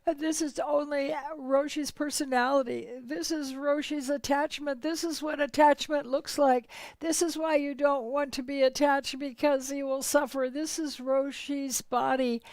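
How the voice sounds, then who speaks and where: A woman voicing a grieving old male Buddhist monk who gently reassures his students and speaks of himself by title. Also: high-pitched, fairly even intonation, measured pace, few pauses, dry recording, pitched above the performer's own voice. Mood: calm reassuring.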